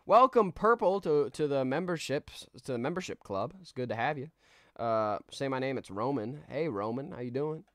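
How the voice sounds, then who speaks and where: A man's voice: medium pitch, normal speed, no echo, clean studio sound. A man streaming a game live, rambling in a laid-back way with many restarts as he reads out chat. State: tired.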